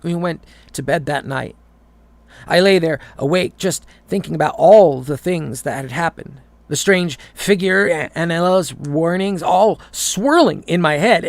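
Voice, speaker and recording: Gravelly man narrating a horror story. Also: on the high side, dry recording. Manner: stumbles and repeats words while reading. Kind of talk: reading a horror story aloud.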